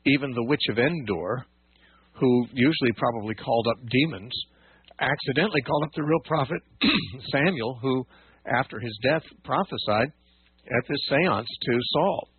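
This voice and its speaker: A man with a husky voice teaches scripture on a call-in radio program, unpacking points patiently and restarting his sentences. The sound is dry and narrow, like a phone line. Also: mid-range voice, moderate pace, no room sound. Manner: patient, explanatory, many fillers and restarts.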